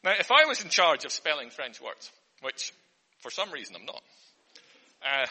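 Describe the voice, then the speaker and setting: Playing an earnest teacher, a male comedian runs a mock spelling lesson for an audience, often flustered and cutting himself off partway through sentences. His voice is on the high side, very animated, pushed, bright, and husky, at a moderate pace. There's long hall reverb.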